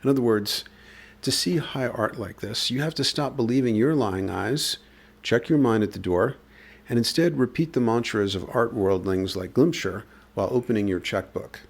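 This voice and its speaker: Male podcast host, gravelly voice, wry and sardonic essay reading. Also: medium pitch, normal speed.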